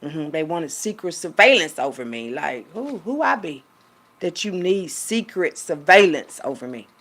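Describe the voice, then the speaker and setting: A woman's voice: low voice, very animated, unhurried, fairly bright tone. A woman talking casually and rambling to her viewers, reading aloud. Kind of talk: casual monologue.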